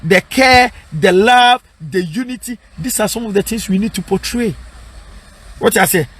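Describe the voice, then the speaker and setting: His voice sits high, fairly bright and slightly rough, at a normal speed: a Ghanaian-accented man preaching and giving advice street-style as an evangelist. Switching between English and Twi, he emphatically repeats lines and asks "What I say?" to get his points repeated back.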